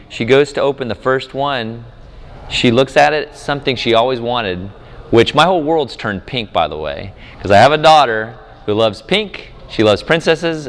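A man, preaching at a conference, telling a family story with lively acted voices. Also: medium pitch. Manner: animated storyteller, acts out his small daughter's voice. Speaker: conference speaker and campus minister. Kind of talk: sermon with storytelling. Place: conference hall. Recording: echoey hall with long reverb.

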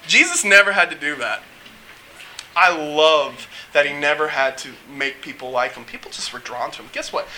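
A man preaching a casual, joking sermon, acting out quotes with lively energy. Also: fairly high pitch, slight background noise, rough recording. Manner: animated, joking, acts out quotes.

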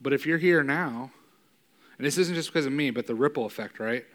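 A man preaching a sermon in a casual, conversational way, often asking "right?", and building to loud, emphatic peaks. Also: mid-range voice, brisk.

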